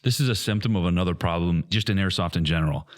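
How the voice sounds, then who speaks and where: A man's voice: sits low, quick pace. A man co-hosting a casual podcast, ranting bluntly and swearing a lot. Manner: blunt, profane, heated rants. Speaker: podcast co-host.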